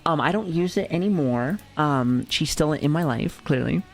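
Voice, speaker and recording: A man's voice: a little high, animated, moderate pace. An American man streaming, chatting casually with his viewers in a rambling, profane way, full of fillers and restarts. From United States. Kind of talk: casual livestream chat reacting to chat.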